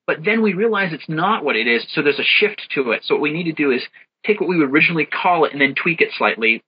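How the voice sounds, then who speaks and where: A man's voice: fairly high pitch, lively intonation, fast, slight background noise. A man brainstorming names in a casual chat, thinking aloud and reading out definitions. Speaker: worldbuilding co-creator. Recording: dull lo-fi sound.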